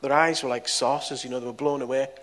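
A middle-aged man preaches to a gathering. He tells a personal story, and his voice moves between quiet, confiding passages and sudden loud bursts. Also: medium pitch, steady tone, quick pace, a little hiss or hum. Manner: storytelling, swings from soft to loud. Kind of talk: testimony sermon.

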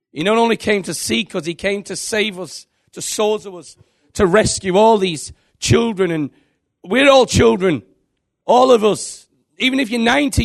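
Guy preaching, kinda high voice, gravelly, earnest and emotional. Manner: earnest, emotional testimony storytelling. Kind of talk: sermon.

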